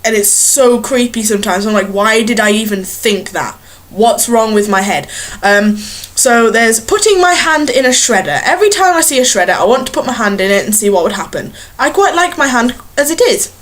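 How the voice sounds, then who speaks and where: A young vlogger's voice runs on the high side with lively intonation, moving at normal speed with hardly any pauses. Chatting to camera from a small bedroom, she rambles and giggles, making fun of herself.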